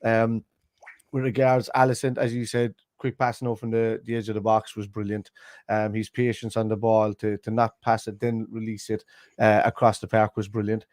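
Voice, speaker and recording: A man's voice: fairly low pitch, monotone, moderate pace, a little mellow, dry recording. A man on a football panel, chatting casually and rambling with plenty of fillers. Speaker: panel guest.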